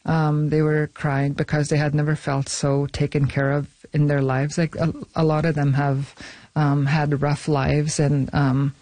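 A woman's voice: deep voice, flat delivery, a little slow, mellow, no echo. A middle-aged woman, a film director and actor, talking casually in an interview with many fillers, restarts and frequent laughs.

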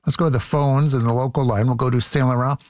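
A man hosting a call-in radio show, brisk and measured as he reads phone numbers and takes calls. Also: mid-range voice, steady tone, a little mellow. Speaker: radio talk show host. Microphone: studio mic.

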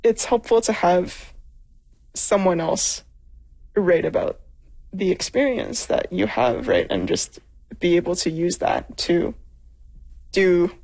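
Woman guest, earnest, lively pitch, bit of vocal fry. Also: slow, pauses often, low-quality recording. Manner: earnest, searching for words. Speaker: interview guest. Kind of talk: conversational interview answers.

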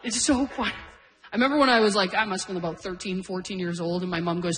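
A woman's voice: mid-range voice, fairly even intonation, fast. A middle-aged woman doing stand-up, telling stories in a self-deprecating way and laughing through her lines. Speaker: stand-up comedian. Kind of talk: stand-up storytelling. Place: stage before a live audience.

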